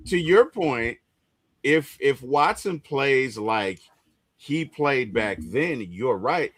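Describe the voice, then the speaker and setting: A man co-hosting a casual sports podcast, animated, playful, often repeating himself. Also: mid-range voice, takes it slowly. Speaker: podcast co-host.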